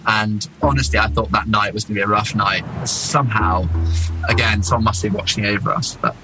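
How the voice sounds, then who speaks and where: A man from England with a lowish voice, recounting an adventure in a lively, casual way. A music bed plays underneath him. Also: brisk, rough recording. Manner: lively, animated storyteller. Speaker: explorer guest. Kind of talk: casual storytelling.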